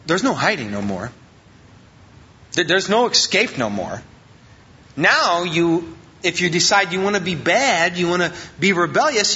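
Lively high-voiced preacher, dull lo-fi recording. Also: male voice. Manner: animated and joking, acting out quoted voices. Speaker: pastor. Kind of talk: informal sermon.

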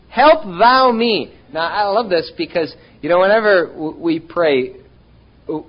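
A man's voice: medium pitch, highs cut off. A man preaching a sermon, talking straight to his congregation with rhetorical questions and sudden bursts of emphasis. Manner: animated, addresses congregation directly with rhetorical questions. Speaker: pastor.

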